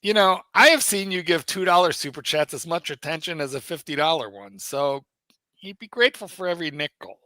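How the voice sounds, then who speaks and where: A man co-hosting a relaxed livestream teases his partner with lively banter and laughs often. His bright, slightly high voice swings widely in pitch and moves at a brisk pace. The recording is close and dry, with no room sound.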